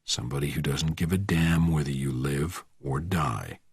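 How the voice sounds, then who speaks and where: A man voicing a calm, menacing male agent who speaks low and quiet. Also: a little slow, gravelly, breathy edge, no room sound, studio quality, full character voice. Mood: cold menace.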